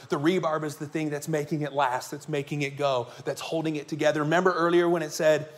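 A man preaching a sermon as pastor to his congregation, telling stories in a conversational way and asking the listeners questions. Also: a little high. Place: church sanctuary before a congregation.

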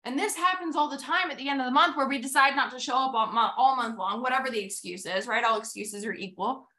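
A young adult woman hosts a motivational podcast and sounds bright and forceful. Her voice sits a little high. She tells a story with animated energy and acts out quotes before turning to lessons for her listeners. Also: quick pace. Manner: animated retelling with acted-out quotes. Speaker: podcast host and sales coach.

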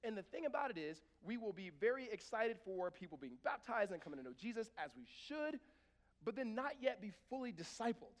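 A man preaching a sermon as pastor, conversational and animated, with sudden emphatic bursts. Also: very high voice, long reverb tail.

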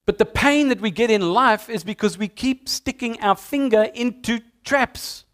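A middle-aged man, preaching a sermon as a pastor in an animated storytelling way. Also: extremely high pitch, moderate pace. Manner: storytelling, animated with acted-out sounds.

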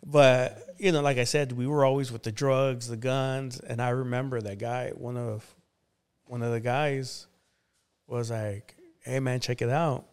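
Smooth-voiced man telling his story. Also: medium pitch, unhurried. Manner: relaxed, conversational, many fillers like "you know". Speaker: pastor, interview guest. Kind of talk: casual storytelling.

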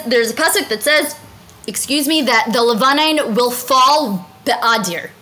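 A woman's voice: high voice, bright, forceful tone, a little hiss or hum, rough recording. A woman teaching a Talmud story in a chatty way, translating Aramaic lines and often asking "right?". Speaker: Torah class teacher.

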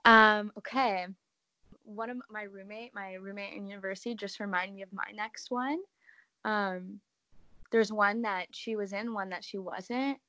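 A young woman co-hosting a casual podcast, telling a story in a relaxed way with ums and restarts. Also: medium pitch, measured pace, dry recording. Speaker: podcast co-host.

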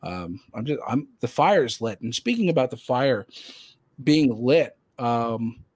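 A man's voice: mid-range voice, takes it slowly, slightly rough, dry recording. Rambling man telling a story. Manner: rambling, animated, many fillers and self-corrections. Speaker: podcast host. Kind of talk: casual storytelling chat.

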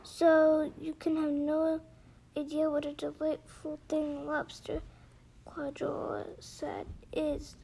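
A woman voicing the sorrowful male Mock Turtle in a storybook reading, slow and mournful. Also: high voice, monotone, gravelly, dark tone, heavily acted.

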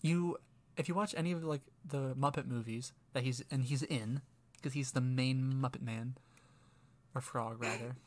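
A man's voice: medium pitch, steady tone, normal speed. Man, podcast host, casual chat, rambling, restarts mid-sentence. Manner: rambling, self-interrupting storyteller.

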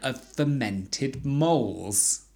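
A woman's voice: very slow, gravelly, breathy edge. A woman co-hosting a podcast, chatting casually and reading out odd facts. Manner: chatty, reads facts with lively pitch. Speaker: podcast co-host. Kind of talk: casual chat.

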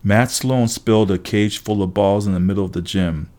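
A man reading a first-person story aloud, wry and lively, switching quickly into voices for the characters. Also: on the low side. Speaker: audiobook narrator. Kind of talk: first-person audiobook narration.

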